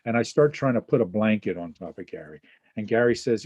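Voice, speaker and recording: A man's voice: fairly low pitch, animated, a little fast, dry recording, highs cut off. A man presenting a webinar over a video call, acting out little scenes and checking in with "right?". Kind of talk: teaching talk with examples.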